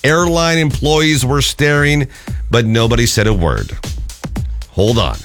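A male radio co-host with a lively voice that swings up and down as he reads a listener's email. Faint music plays under his voice in the radio broadcast. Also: mid-range voice, measured pace. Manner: animated, reads listener email aloud with emphasis. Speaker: radio morning show co-host. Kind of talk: casual radio banter and email reading.

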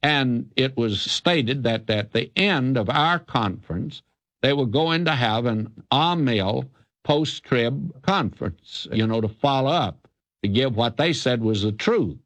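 A man's voice: mid-range voice, expressive, a little slow, a bit bright, dry recording. An older man from the South, a radio Bible teacher answering a listener's question in an earnest, emphatic, folksy preacher's cadence. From American South.

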